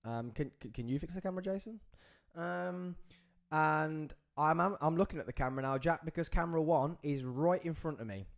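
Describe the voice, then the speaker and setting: A man's voice: on the high side, lively intonation, a little fast. A man hosting a live podcast. He rambles and jokes, and he keeps breaking off to talk to the crew. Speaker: podcast host.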